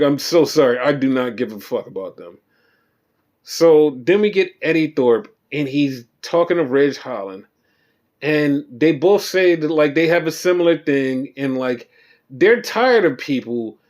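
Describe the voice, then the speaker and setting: A man hosting a podcast, recapping wrestling shows in a rambling, profane and animated way. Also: a little high. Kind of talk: casual chat.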